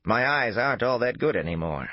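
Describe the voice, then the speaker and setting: A man's voice: mid-range voice, animated, fairly quick, dry recording, lo-fi sound, voice pushed up, close to an everyday voice. A male narrator voicing an elderly, wary landlady who talks emphatically. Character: elderly wary woman landlady, fussy and fierce.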